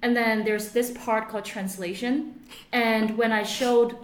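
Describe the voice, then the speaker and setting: A woman's voice: on the high side, unhurried, reverberant. A young woman whose first language is Mandarin Chinese, chatting casually as a podcast co-host and telling stories with laughs. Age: young adult. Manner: chatty, laughing, animated storytelling. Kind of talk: casual chat.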